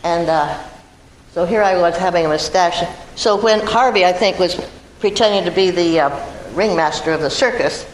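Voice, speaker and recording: A woman's voice: fairly low pitch, normal speed. An older woman from Iowa, a guest actress telling chatty, self-amused stories to a live audience. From Iowa, USA. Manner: chatty, self-amused anecdotes with frequent laughs. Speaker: guest actress at a film event. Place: large hall before an audience. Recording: echoey hall with loud noise.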